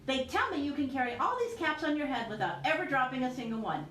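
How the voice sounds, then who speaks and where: A woman's voice: high voice, animated, quick pace, a bit bright, distant mic, slight background noise. A woman voicing a grand male circus boss who is hearty and showy. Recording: roomy echo.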